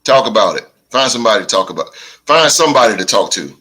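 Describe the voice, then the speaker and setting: A man hosting a podcast, telling stories in a casual chat with animated delivery and big laughs. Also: fairly low pitch, poor audio. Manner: animated storytelling, drawn-out laughs. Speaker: podcast host.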